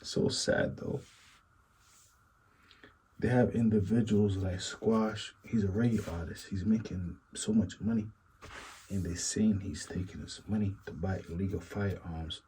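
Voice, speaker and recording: A man's voice: lowish voice, warm tone, slight background noise, rough recording. A man hosting a casual commentary talk, rambling and musing, circling back with repeated asides. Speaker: commentary channel host.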